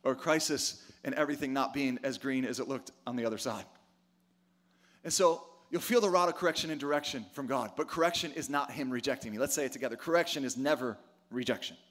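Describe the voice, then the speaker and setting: A man's voice: mid-range voice, quick pace, fairly bright tone. A middle-aged man preaching a sermon, emphatic, asking rhetorical questions and calling for responses from the congregation. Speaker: pastor.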